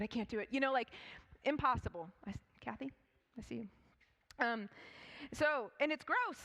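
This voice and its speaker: A woman preaching in a church with a somewhat high voice. She tells the story in an animated, chatty way, full of asides and everyday comparisons. Her voice rings out with the long reverb of a church hall. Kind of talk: sermon.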